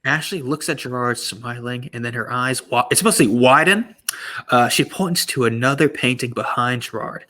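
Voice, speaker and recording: A man's voice: mid-range voice, sharp tone. A man co-hosting a comedy podcast, reading his own script aloud with playful stumbles. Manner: playful, stumbling, quick to laugh.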